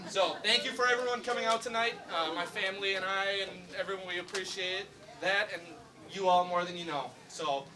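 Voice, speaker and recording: A man's voice: sits high, a little fast, few pauses. A young man giving a humorous introduction speech for his father, telling a story with many fillers. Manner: storytelling, joking, hesitant fillers. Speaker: son introducing the speaker. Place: election night event room. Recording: distant mic with loud crowd.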